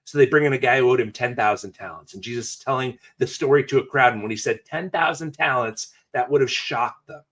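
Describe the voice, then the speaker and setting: A male pastor giving a sermon, telling a story in an animated, conversational way with jokey asides. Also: medium pitch.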